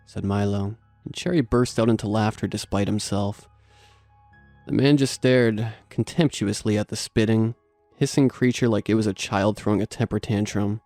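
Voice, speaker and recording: A man narrating a horror story in a steady scripted delivery. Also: fairly low pitch, normal speed, no room sound, soft background music.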